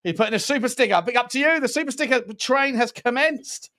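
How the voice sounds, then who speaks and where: A man's voice: very high voice, fast, bright, forceful tone. A man hosting a casual live-stream football chat, joking and reading out viewer messages. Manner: chatty, jokey, reads out viewer messages. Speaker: podcast host.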